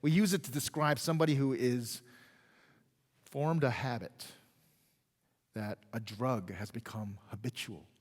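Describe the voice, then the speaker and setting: A man preaching a sermon as pastor, in a conversational style that keeps checking in with the congregation and swings between loud emphasis and quiet, drawn-out phrases. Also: medium pitch. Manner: conversational, checks in with "right?" and "okay?". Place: church sanctuary. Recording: long reverb of a church hall.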